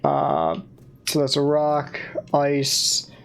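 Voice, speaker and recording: Young woman, casual let's-play co-host, low pitch, lively, thinks aloud. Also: drawn-out words, vocal fry, slight background noise. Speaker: co-host, player.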